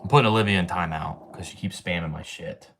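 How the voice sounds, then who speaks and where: A man's voice: deep voice, fast talker, noisy background. A man in his twenties hosting a casual livestream, talking to chat in a slangy, profane way and tagging sentences with bro and man. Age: 20s. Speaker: livestream host.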